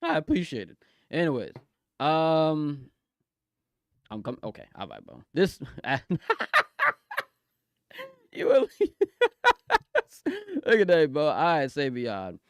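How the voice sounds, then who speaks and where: A young man chatting excitedly on a live stream, giggling often and talking in loose slang. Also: a little high, normal speed, smooth, no echo, studio quality. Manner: excitable, giggly, slangy, keeps saying "bro". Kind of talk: casual live-stream chat. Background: faint music.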